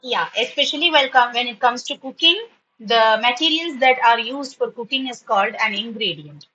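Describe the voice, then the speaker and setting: Female teacher, bright and a bit high, patient, stretching each word to model it. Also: expressive, highs cut off. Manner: patient, repeats words slowly to model pronunciation. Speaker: spoken English teacher. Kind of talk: online class for school students.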